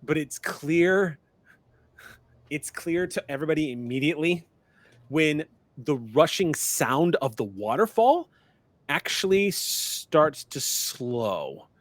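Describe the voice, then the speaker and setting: A man's voice: on the high side, lively intonation, slow pace, dry recording. A man narrating a tabletop game as game master, rambling a little with restarts.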